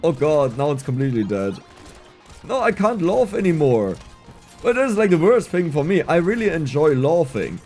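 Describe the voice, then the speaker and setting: A man giving casual gameplay commentary, excitable and laughing often, with a strained, scratchy voice. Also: on the high side, moderate pace, faint music behind. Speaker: gaming YouTuber.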